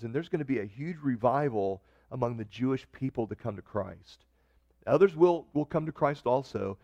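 A man's voice: mid-range voice, darkish tone, no echo, lo-fi sound. A man preaching a sermon in a conversational way, reading scripture and often restarting his sentences. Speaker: pastor.

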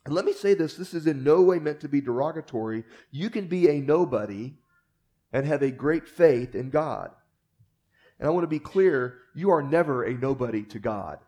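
A man preaching a sermon, earnest, swelling for emphasis and then dropping to a hush. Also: fairly high pitch, expressive, moderate pace.

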